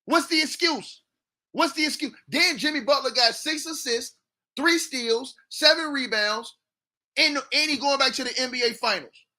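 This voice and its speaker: Hyped high-voiced man trash-talking on stream. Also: normal speed. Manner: loud, repetitive, trash-talking. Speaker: livestream sports commentator. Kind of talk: hyped livestream sports talk.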